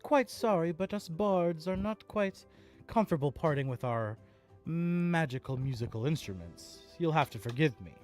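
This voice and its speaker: A woman's voice: low voice, lively intonation, moderate pace, a little mellow, faint music behind. A woman voicing a friendly female halfling bard who speaks politely and formally. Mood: gracious. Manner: courteous, formal phrasing.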